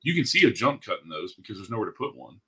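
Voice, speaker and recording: A man hosting a podcast, ranting in casual chat with blunt, profane energy. His voice is husky and sits fairly low, and the words come out at a rapid clip. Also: very animated, pushed and bright. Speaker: podcast host.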